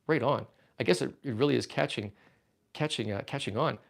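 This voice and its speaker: His voice medium-pitched, a little fast and creaky, a Canadian man chats casually on a livestream as he packs toys from his collection. He reads the viewer chat aloud, rambling playfully and quick to get excited.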